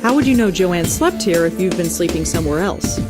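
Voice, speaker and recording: A woman's voice: fairly low pitch, animated, brisk, lightly acted. An actress voicing an inquisitive young female investigator who asks pointed questions. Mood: questioning. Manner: questioning, probing. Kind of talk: video game voice acting. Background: game music.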